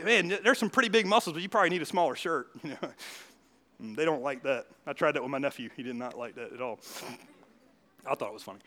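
A man preaching a sermon in a church. He talks in a chatty way, keeps asking the crowd questions, and swings from loud bursts to quiet asides. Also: high voice. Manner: conversational preaching with frequent rhetorical questions. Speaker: pastor.

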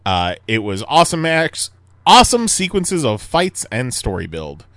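A man co-hosting a casual podcast, animated, laughing often and swearing casually. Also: mid-range voice, moderate pace, dry recording. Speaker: podcast co-host.

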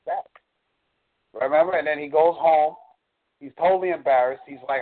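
A man's voice: fairly high pitch, moderate pace. A man in a coaching call, explaining earnestly and drawing on examples. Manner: earnest, explanatory, uses y'all. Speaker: dating coach. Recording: tinny phone line.

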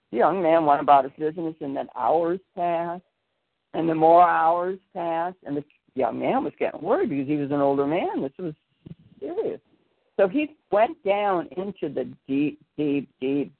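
A man's voice: fairly high pitch, vocal fry, no echo. A man hosting a podcast in a casual chat, telling a long story full of fillers and detours. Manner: meandering, with frequent fillers. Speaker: podcast host. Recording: tinny phone-line sound.

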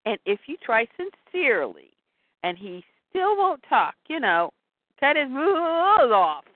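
A woman reading aloud and voicing a blunt, bossy warrior woman in a deadpan way, heard over a tinny phone-like line. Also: high voice, slow, no room sound, full character voice.

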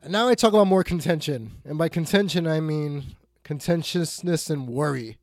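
A man's voice: a little high, moderate pace, no room sound. Exasperated male sports talk host, dry mic. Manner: blunt, exasperated, swings between loud outbursts and muttered asides. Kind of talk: ranting sports talk monologue.

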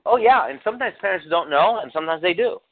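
A man's voice: high-pitched, animated, quick pace, a crowd in the background. A man preaching a sermon as pastor, telling stories and acting out quotes while asking the congregation questions. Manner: storytelling, acts out quotes, asks the congregation questions. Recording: tinny phone-like sound.

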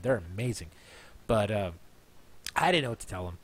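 A man's voice: medium pitch, very animated, fairly quick. Tipsy man rambling through a story. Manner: rambling, repeats himself, restarts phrases. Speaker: podcast host. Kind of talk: casual storytelling monologue.

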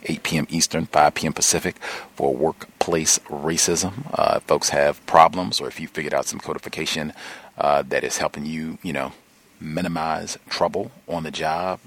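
A man with a very deep, gravelly voice hosts a call-in talk program. His tone is husky and rough. He speaks in a measured way, dropping frequent "uh"s between thoughts. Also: a bit bright. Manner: measured, many "uh" fillers. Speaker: talk show host.

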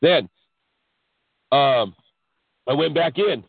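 A man, a podcast guest, telling the story of his spiritual experiences in an excitable, animated way, often restarting his sentences. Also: fairly high pitch, extremely slow, gravelly, husky, dry recording. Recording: dry tinny phone-line sound.

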